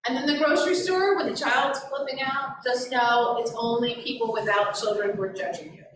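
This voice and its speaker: A woman educator leading a parent seminar, animated and playing out child and parent voices as she talks. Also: fairly high pitch, a little fast, a little hiss or hum. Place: school room with an audience. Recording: echoey room, far from the mic, audience present.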